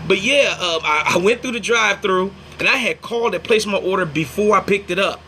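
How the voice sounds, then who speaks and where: A young man chats on a casual livestream, his voice pitched high with a bright, forward edge. He tells stories animatedly and acts out the people in them. A faint ambient hum sits in the background. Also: a little fast. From Indiana, United States. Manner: animated storyteller, acts out quotes, thanks viewers mid-story. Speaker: livestream host.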